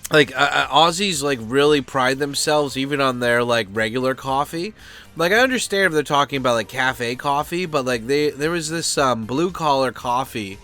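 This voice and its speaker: A man's voice: medium pitch, a bit bright. Rambling, profane American man vlogging. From United States. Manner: loose, profane, full of fillers and asides. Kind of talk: rambling casual chat.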